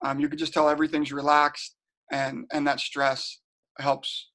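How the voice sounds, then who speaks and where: A middle-aged man with a slightly raised pitch talks through a casual home webinar. He tells stories in a loose, chatty way, often doubling back on his words. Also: completely flat delivery, normal speed, a bit bright. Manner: chatty, storytelling, repeats and restarts words. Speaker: webinar presenter. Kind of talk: casual teaching talk. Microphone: home webinar setup.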